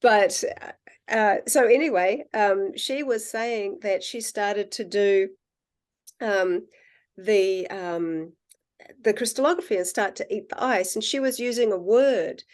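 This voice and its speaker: A woman guest in casual conversation, telling animated stories and acting out the dialogue. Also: mid-range voice, slow pace. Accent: non-American accent, self-described. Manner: animated storyteller, acts out quoted dialogue. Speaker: guest, water researcher.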